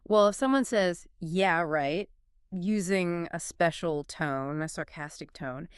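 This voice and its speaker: Smooth, crisp woman teaching English. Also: lowish voice, unhurried, dry recording, studio quality. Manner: clear, instructive, models phrases for practice. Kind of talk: scripted language lesson dialogue.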